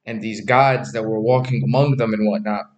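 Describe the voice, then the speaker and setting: A man's voice: on the low side, steady tone, moderate pace, darkish tone, echoey room, highs cut off. A man giving casual preaching commentary on his channel, chatty, often repeating himself and asking "right?" and "okay?". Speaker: religious YouTuber.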